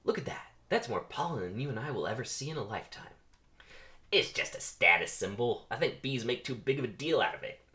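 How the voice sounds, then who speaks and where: A man's voice: mid-range voice, big pitch swings, a little fast, sharp tone. A man voicing a questioning, incredulous young male bee.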